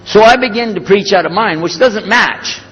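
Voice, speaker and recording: Older american preacher guy telling a story, husky voice, long hall echo, kinda dull lo-fi sound. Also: high-pitched, normal speed. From United States. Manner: animated storyteller, acts out dialogue. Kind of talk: storytelling talk.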